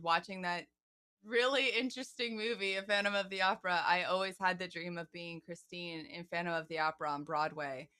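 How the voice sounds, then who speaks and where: Guest singer, woman in her twenties, bright voice, chatty and heartfelt. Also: mid-range voice, smooth. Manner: chatty, emotional storytelling with quoted asides. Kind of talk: casual interview.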